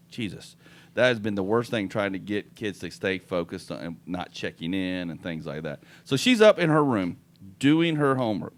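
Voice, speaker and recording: A middle-aged man, hosting a podcast and telling a funny story in a casual way, laughing often and acting out what people said. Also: medium pitch. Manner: animated, laughs often, acts out quoted lines. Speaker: podcast host.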